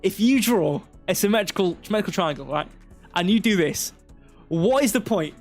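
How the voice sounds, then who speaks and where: A man's voice: high voice, animated, moderate pace, faint music behind. A man hosting a live crypto stream, walking through charts step by step with rambling, self-deprecating asides. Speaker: crypto livestream host.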